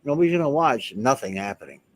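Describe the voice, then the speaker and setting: Speaking to the camera, a house owner who vlogs talks casually in a fast, animated, mid-range voice. He rambles and stresses his points, frequently starting his sentences over.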